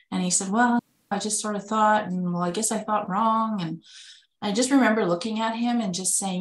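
A woman's voice: medium pitch, steady tone, fairly quick, roomy sound, poor audio. A woman telling a candid personal story in a conversational way, acting out the dialogue she quotes. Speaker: spouse of a kidney patient, webinar speaker.

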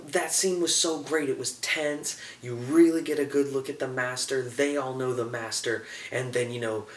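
A young man casually reviewing a TV episode, enthusiastic and acting out scenes in quick voices. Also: medium pitch, far from the mic. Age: young adult. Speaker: show reviewer. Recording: echoey room, a bit off-mic, faint hiss.

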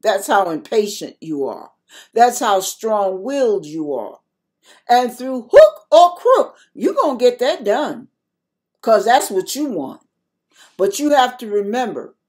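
A woman's voice: on the high side, sing-song, measured pace, darkish tone. An older woman giving a spoken devotional sermon to her viewers, emphatic and repetitive as she exhorts them. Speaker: christian video preacher.

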